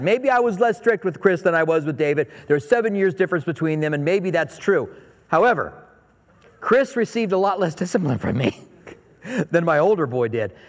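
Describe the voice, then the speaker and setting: Brief: a middle-aged male preacher with a high voice, casual and anecdotal, in a church hall with long reverb. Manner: conversational, anecdotal, asks the audience questions. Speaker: pastor. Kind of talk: sermon.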